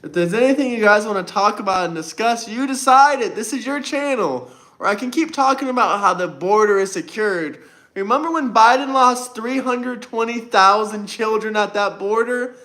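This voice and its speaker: A man with a high-pitched voice hosts a political livestream. His tone is bright and forceful, and he talks in a combative, boastful way, repeating lines to hammer them home. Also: moderate pace. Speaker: livestream host. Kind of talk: political livestream debate talk.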